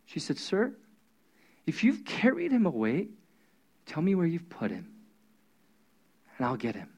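A preacher acting out a grieving woman who pleads softly, as part of a sermon's scripture reading. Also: mid-range voice, huge pitch swings, a little slow, husky, voice pushed down, full character voice. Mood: pleading.

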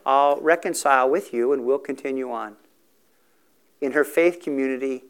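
Earnest, clear-voiced male preacher. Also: medium pitch. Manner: earnest, emotional storytelling with quoted dialogue. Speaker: speaker for a recovery ministry. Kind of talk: sermon storytelling.

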